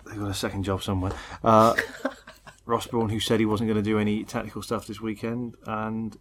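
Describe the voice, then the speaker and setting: A tired man co-hosts a casual chat, his voice low and gravelly. He rambles wryly and laughs often. A faint hiss sits under the recording. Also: little pitch movement, fairly quick. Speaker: podcast co-host. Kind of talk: casual chat about motor racing.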